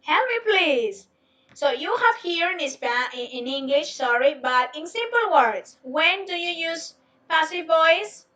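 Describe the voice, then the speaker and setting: A woman teaching an online English class, slow and patient, repeating her questions to students. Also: very high voice, animated, bright, forceful tone, recorded from a distance. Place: home, on a video lesson.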